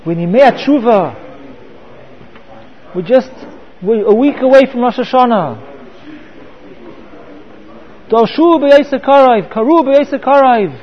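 A man's voice: very high voice, animated, normal speed, lo-fi sound. A man teaching a Torah class, often repeating words and mixing in Hebrew terms.

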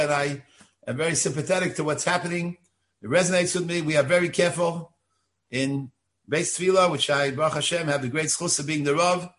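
An older man, a synagogue rabbi, giving a Torah lecture in an earnest, deliberate lecturing tone. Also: on the high side, fairly bright tone.

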